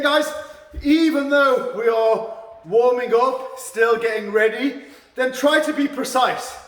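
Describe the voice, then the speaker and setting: Karate teacher guy barking counts slow, high voice, big echoey hall, mic way off. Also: far from the mic. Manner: calls out counts and commands. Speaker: karate instructor. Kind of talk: teaching a martial arts class. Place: dojo hall.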